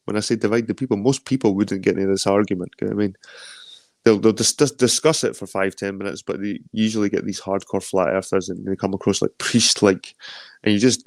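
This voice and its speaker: A man's voice: lowish voice, steady tone, fast talker, darkish tone, no echo, clean studio sound. A Scottish man hosting a stream, chatting loosely and reading out viewer comments, rambling with lots of swearing. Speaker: stream host.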